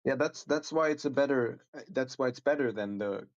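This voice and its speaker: A man's voice: medium pitch, fairly quick, dry recording. A male caller debates over a dull, lo-fi call line. He argues hesitantly, stumbling and repeating words.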